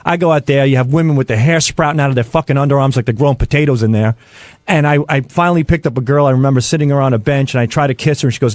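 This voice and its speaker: Brash fast-talking crude storyteller man. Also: mid-range voice, darkish tone, no echo. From United States. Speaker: co-host. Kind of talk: casual storytelling chat. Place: radio studio.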